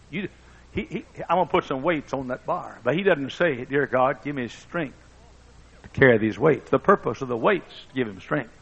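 Gravelly preacher man, lo-fi recording. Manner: dramatic preaching, booming one moment and hushed the next. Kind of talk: sermon. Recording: dull lo-fi sermon recording.

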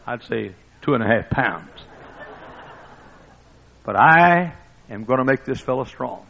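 Gravelly preacher man, lo-fi recording. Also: lively intonation, unhurried. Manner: dramatic preaching, booming one moment and hushed the next. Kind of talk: sermon. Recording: dull lo-fi sermon recording.

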